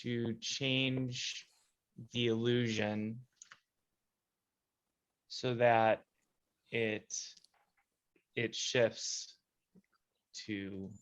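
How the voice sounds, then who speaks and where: A man's voice: medium pitch, little pitch movement, very slow, long pauses. A man playing a tabletop game, thinking aloud and planning his moves step by step. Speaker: player.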